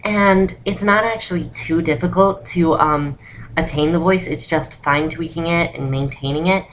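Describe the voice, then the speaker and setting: Young woman, lowish voice, casual tutorial, rambling, lots of ums. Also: moderate pace, slight background noise. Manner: relaxed, rambling, many ums. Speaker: vlogger teaching voice training.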